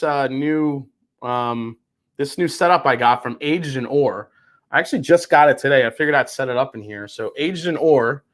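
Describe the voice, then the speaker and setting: A man's voice: medium pitch, a bit bright. A young adult man hosting a live whiskey stream, chatting casually, groaning and cussing at what he tastes. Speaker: whiskey livestream host.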